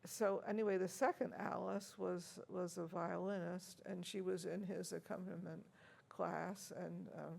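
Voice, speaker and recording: An older woman, an organist, reminisces about past encounters during a chatty interview in a university room, laughing often between stories and using many fillers. Her low-leaning voice is gravelly, husky, and darkish, with a level tone. She speaks unhurriedly, with hardly any pauses.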